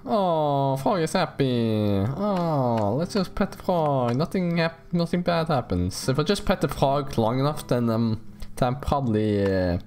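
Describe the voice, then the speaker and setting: A young man giving casual, jokey let's play commentary on a horror game, rambling and squealing up high when excited. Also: a little slow. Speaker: gaming YouTuber. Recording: faint game music behind.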